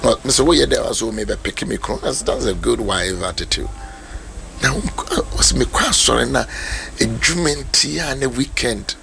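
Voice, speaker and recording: A man preaching a sermon as a pastor, animated and rising to shouts. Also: mid-range voice, normal speed, gravelly.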